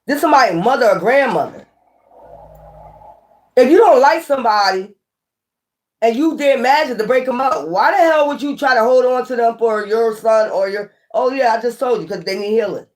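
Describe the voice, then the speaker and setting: A woman giving a casual, animated tarot reading, often scolding and repeating herself. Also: a little high, moderate pace. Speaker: tarot reader.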